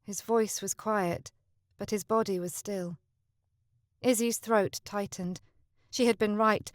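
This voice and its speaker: A woman's voice: medium pitch, no echo, studio quality. A woman narrating a historical romance audiobook, lifting her voice for the heroine.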